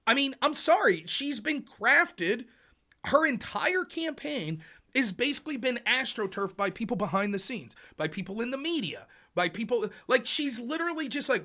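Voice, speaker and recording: A man hosting a political livestream, with an animated, loose and casual delivery. His voice is bright and swings widely in pitch as he acts out quotes. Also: normal speed. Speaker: livestream host. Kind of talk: political talk.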